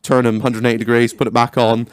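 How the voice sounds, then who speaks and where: A young man hosting a podcast in casual chat, a lively, sweary storyteller who acts out his own lines. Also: medium pitch, fast, clean tone, dry recording. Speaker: podcast host.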